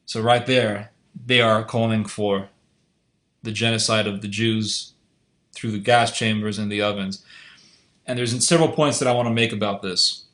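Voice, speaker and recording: A man with a medium-pitched, slightly bright voice delivers an unscripted commentary monologue as an online video commentator, in an echoey room. He's earnest and insistent, frequently repeating and restarting phrases.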